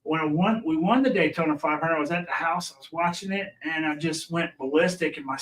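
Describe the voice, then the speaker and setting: A man's voice: fairly high pitch, fairly quick, fairly bright tone. Male guest, casual rambling storyteller, recorded from a distance. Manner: rambling, with many restarts and fillers. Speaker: pit crew member, guest. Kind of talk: casual storytelling on a racing talk show.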